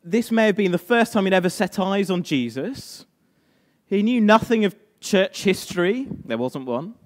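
A man preaching a sermon, moving between hushed, slow lines and rising, emphatic passages. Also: high voice, big pitch swings.

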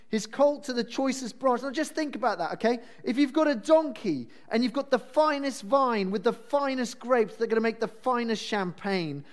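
A man preaching a sermon in a chatty, self-deprecating and animated way. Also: high voice.

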